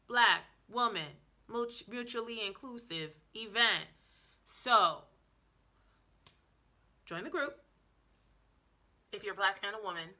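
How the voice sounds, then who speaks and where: A woman's voice: medium pitch, pushed and bright. A woman talking casually to camera in a sassy, chatty language-learning vlog, with lots of ums and restarts. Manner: chatty, sassy, talks straight to viewers with quoted asides. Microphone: camera mic, indoors before a backdrop.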